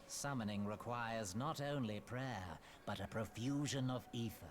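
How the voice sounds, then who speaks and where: An actor playing a cold, haughty male villain in a video game, speaking in a measured, scornful way. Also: medium pitch, lightly acted. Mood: lecturing. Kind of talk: game voice acting.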